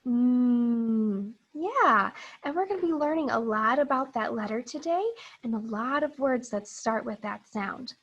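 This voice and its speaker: A woman teacher giving a phonics lesson to young children, reading a picture book aloud and modeling sounds in a slow, exaggerated, encouraging way. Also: high voice, lively intonation, a bit bright, husky, muffled recording.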